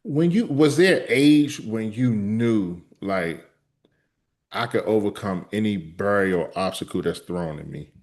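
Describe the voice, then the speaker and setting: A man's voice: fairly low pitch, expressive, unhurried, darkish tone. Curious man asking interview questions. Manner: curious, asks follow-up questions with backchannel mms. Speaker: host, interviewer. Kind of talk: casual interview.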